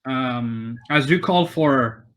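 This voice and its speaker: A man's voice: medium pitch, takes it slowly, a bit bright. A man narrating as game master of a tabletop game, with many fillers and restarts.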